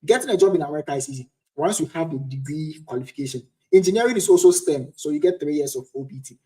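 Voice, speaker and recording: Animated and fast-talking, this young Ghanaian man has a fairly high voice with a dark tone. In his twenties, he hosts a casual livestream and takes viewers' questions.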